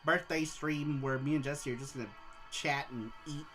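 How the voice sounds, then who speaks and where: A man's voice: a little high, fairly even intonation, moderate pace, a bit bright, soft background music. A man hosting a casual livestream, rambling about games and reading viewer messages aloud. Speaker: show host and streamer.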